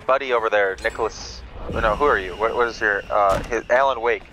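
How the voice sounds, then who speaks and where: A man chatting casually with teammates while gaming, making relaxed callouts. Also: on the low side, a little fast, slight background noise. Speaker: gamer.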